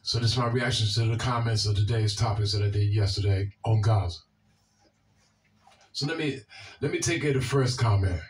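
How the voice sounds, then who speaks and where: A video host with a Washington, D.C. accent responds to viewer comments bluntly and profanely, frequently repeating himself. His voice is on the low side and a little fast, and the mic sounds distant.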